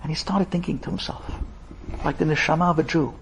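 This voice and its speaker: A man, a rabbi, telling a dramatic story in an animated, conversational and emphatic way. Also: a little high, fast talker, vocal fry, a little hiss or hum.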